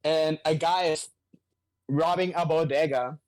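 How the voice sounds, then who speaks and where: A man co-hosting a podcast, recapping comic books in casual chat, an animated storyteller who swears freely. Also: fairly high pitch, unhurried. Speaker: podcast co-host.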